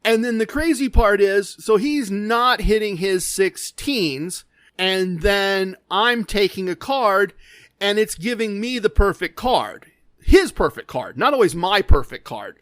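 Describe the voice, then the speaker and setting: A male podcast host tells a story in a casual, animated manner and often pokes fun at himself. His voice sits high. The sound is close and dry with no room echo. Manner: animated, self-deprecating, with restarts.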